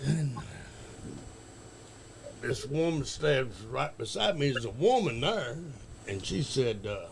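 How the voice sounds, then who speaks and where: Slow gravelly man telling a bar story. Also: mid-range voice, sing-song, crowd noise. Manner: drawn-out, profane, halting telling. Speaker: guest on a wrestling talk show. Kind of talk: casual storytelling chat.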